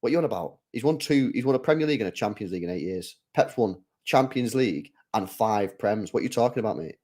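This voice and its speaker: A man hosting a live football watch-along, chatting casually in slang, reading out chat and reacting with excited outbursts when the play heats up. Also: lowish voice, fast.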